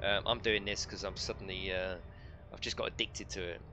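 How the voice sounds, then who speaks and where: A man's voice: deep voice, little pitch movement, fairly quick, sharp tone, a little hiss or hum. A middle-aged man casually commentating a live game stream, chatting and joking with his viewers. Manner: jokey, chatty, reads out chat and laughs often.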